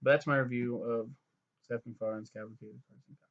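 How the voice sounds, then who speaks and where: A man's voice: mid-range voice, fairly even intonation, a little fast, lo-fi sound. A young man giving a profane, rambling, sarcastic review, full of fillers. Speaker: web series reviewer. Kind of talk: casual ranting review.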